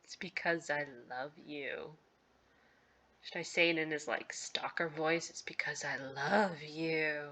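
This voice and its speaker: A woman's voice: low voice, slow pace, bright, forceful tone, voice pushed down, full character voice. Woman voicing an obsessive teen boyfriend. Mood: hushed. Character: handsome popular teen boy, obsessive, unsettling.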